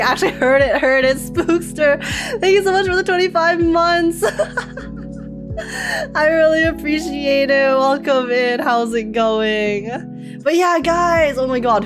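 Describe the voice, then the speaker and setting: Bubbly, excitable woman streamer. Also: high voice. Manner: bubbly and excitable, laughs often. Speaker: game streamer. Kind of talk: live-stream chat. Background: background music.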